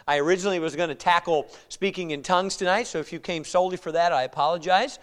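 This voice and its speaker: A male pastor preaching a sermon in a joking, conversational way, swinging from hushed asides to loud emphasis. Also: high voice, fast talker.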